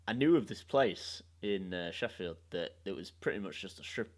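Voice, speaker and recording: A young man hosting a podcast, telling a story in a sweary, animated way and laughing along. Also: sits low, moderate pace, slight background noise. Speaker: podcast host. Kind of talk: casual storytelling chat.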